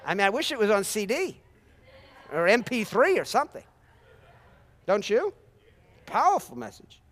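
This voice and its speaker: A male preacher delivering a sermon in a high voice that leaps up and down. He repeats phrases for emphasis and breaks into sudden shouted praise. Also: wildly swooping pitch, normal speed. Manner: impassioned, repetitive, with sudden shouted praise and laughs.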